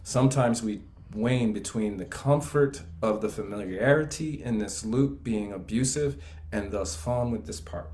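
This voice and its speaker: A man co-hosting a live class, reading passages from a book aloud in a measured way. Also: lowish voice, a little mellow. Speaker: class co-host.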